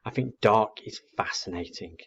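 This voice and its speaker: A man voicing a gentle, kindly young woman who sketches animals, speaking softly. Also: fairly low pitch, normal speed, vocal fry, slightly rough, dull audio, full character voice. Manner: soft and kindly.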